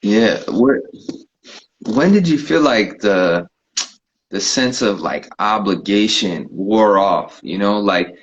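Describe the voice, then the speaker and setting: Deep-voiced interviewer from California. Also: male voice, animated, husky, highs cut off. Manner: slow, searching questions. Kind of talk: casual interview.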